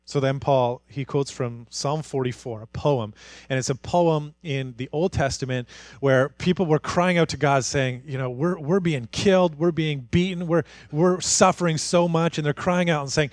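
A man preaching a sermon as pastor, moving from hushed, intimate passages to fired-up, rising declarations. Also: fairly high pitch, moderate pace, no room sound. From Canada.

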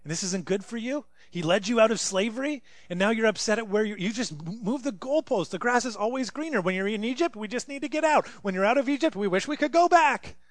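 Higher-voiced man preaching conversationally. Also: lively intonation, fast, few pauses, dry recording. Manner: conversational storytelling with rhetorical questions. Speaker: pastor. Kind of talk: sermon.

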